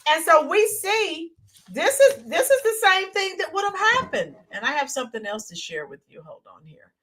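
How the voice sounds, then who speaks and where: Woman streamer, high and bright, very lively, chatty commentary that reads out viewer comments. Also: moderate pace. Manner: animated, reads viewer comments aloud, greets viewers warmly. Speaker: political livestream co-host. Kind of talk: casual political commentary livestream.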